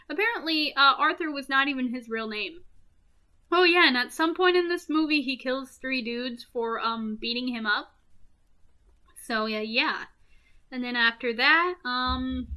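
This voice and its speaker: A woman's voice: a little high, sharp tone. A woman giving a casual, rambling movie recap with goofy, self-mocking asides and giggles. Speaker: movie reviewer.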